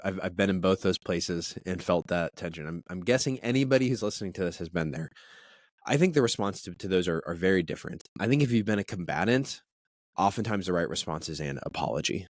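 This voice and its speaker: A man in his thirties, a podcast guest, telling a personal story in an earnest, animated way and often restarting his sentences. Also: low voice, a little fast, no room sound, clean studio sound. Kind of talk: conversational storytelling.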